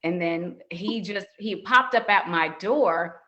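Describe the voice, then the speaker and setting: Woman, middle-aged, podcast guest, casual storytelling, animated quoted lines. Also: slow, dull audio. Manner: animated, acts out quoted dialogue in higher voices.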